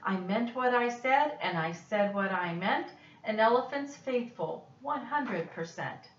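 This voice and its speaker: A woman voicing a gentle, faithful male elephant in an earnest, steady storybook voice. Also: on the high side, a little slow. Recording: dull, roomy, distant recording.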